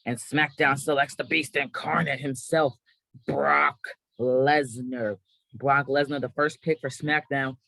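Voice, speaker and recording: A man's voice: mid-range voice, fairly bright tone, dry recording, poor audio. A man hosting a gaming video, calling out a mock wrestling draft in a hyped announcer style and correcting himself now and then. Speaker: gaming channel host.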